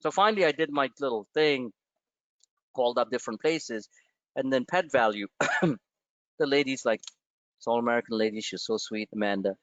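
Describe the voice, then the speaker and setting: A man's voice: mid-range voice, normal speed, long pauses, no echo, highs cut off. A man hosting a live stock-trading webinar, talking casually with profane asides and rambling stories. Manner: animated, profane, tangents into personal stories.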